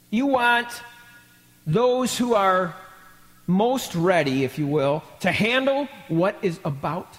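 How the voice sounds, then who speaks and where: A male pastor preaching a live sermon, asking the congregation questions and acting out quotes with sudden loud, high bursts. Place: church. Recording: long hall reverb from a church.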